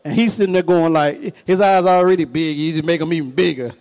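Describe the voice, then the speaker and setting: A man's voice: on the high side, a little fast, darkish tone, poor audio. A middle-aged man preaching a sermon as pastor. He tells folksy stories with call-and-response asides and rises into bursts of emphasis.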